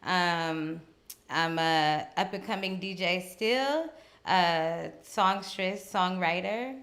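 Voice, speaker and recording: A woman's voice: fairly low pitch, slow, fairly bright tone. A woman from Seattle, a singer and DJ, introducing herself casually in an easygoing way. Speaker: guest, singer and DJ.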